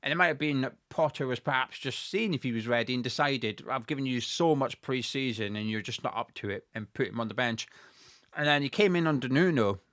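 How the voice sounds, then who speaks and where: A man hosting a casual fan chat, reading viewer comments aloud in a measured way with some hesitant fillers. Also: medium pitch, fairly bright tone, no echo, clean studio sound. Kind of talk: casual live watch-along chat.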